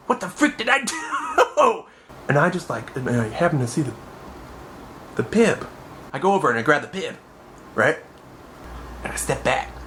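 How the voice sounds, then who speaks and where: A young man telling a comic personal anecdote in an animated, exaggerated way. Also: fairly high pitch, gravelly, slight background noise. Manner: animated, exaggerated, acts out voices. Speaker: storyteller.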